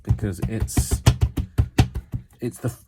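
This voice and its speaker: A man's voice: drawn-out words, loud music behind the voice. A man chatting his way through a hands-on craft tutorial at home, wandering off into self-mocking asides.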